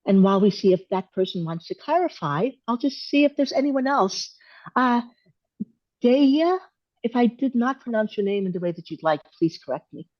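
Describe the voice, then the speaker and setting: A woman hosting a live Q and A on a video call, answering questions in a thoughtful, measured, gently encouraging way. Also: on the high side, animated, no echo, dull audio. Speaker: host answering viewer questions. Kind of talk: live Q and A coaching.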